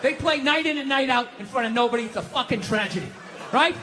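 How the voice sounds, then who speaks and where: A man doing a stand-up comedy set, ranting loudly and profanely, often shouting, on a large outdoor amphitheater stage with a handheld mic. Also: very high voice, fast, a little hiss or hum. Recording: echoey live venue with roaring crowd. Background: audience laughing and cheering.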